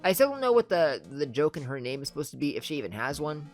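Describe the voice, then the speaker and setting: A let's-play host musing over a courtroom game, voice leaping around in pitch as they chat. Soft game music hums underneath. The talk is loose and unscripted. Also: big pitch swings, fast talker. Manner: reads game text aloud with asides. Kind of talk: casual game commentary.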